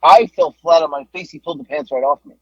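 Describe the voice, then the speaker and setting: A man co-hosting a podcast, telling a wrestling story in a casual, animated way, laughing and swearing as he goes. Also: on the high side, fast, creaky, husky, no echo, muffled recording.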